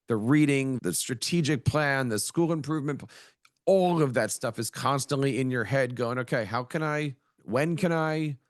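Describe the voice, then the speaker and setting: A man's voice: medium pitch, no echo, clean studio sound. A middle-aged man, an educator who is a guest on a podcast, telling stories in a chatty way and acting out the voices of people he quotes. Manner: storytelling, acts out quoted voices. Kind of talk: conversational interview.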